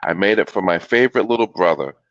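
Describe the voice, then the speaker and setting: A man voicing a confident older brother in a low, cool, matter-of-fact voice. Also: expressive, fast talker, fairly bright tone, no room sound. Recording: dull lo-fi video call audio.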